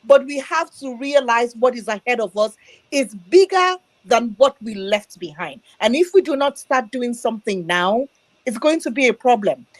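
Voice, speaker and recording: Casting: woman from Nigeria, high voice, dry close sound, passionate political plea. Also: lively intonation, no room sound, poor audio. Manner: emphatic, slow, emotional. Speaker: speaker in an online audio room. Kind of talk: impassioned political speech. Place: abroad, diaspora.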